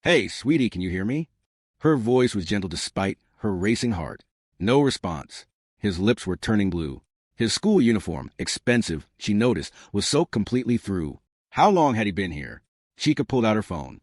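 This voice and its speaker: A man reads a dramatic story as narrator, in a scripted and expressive delivery. His voice is low and moves a lot in pitch. The sound is dry and close to the mic. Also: moderate pace, dry recording.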